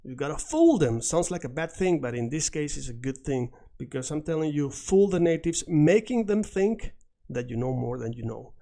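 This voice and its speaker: A middle-aged man whose first language is Spanish, teaching an online lesson in a chatty, energetic way and repeating phrases for drilling. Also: a little high, normal speed, gravelly.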